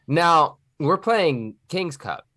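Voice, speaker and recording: A man's voice: fairly high pitch, drawn-out words, no room sound. Man from Texas, casual podcast guest, sometimes puts on a drawl or a nerd voice; dry, close sound. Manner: slips between a relaxed Texan drawl and a nerdy put-on voice; loose, joking, rambling.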